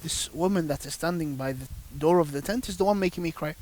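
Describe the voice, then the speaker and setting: A slightly high voice with a darkish tone moves at a quick pace over slight background noise. The man is a religious panel guest who tells devotional stories with emphasis and rhetorical questions, mixing religious discussion and storytelling.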